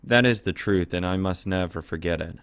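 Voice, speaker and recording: Low, dry-voiced man narrating a visual novel aloud; plain reading with sudden cursing asides. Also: fairly quick, a bit bright, clean tone, dry recording. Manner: reads narration plainly, breaks off to swear and react. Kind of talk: reading game text aloud with reactions.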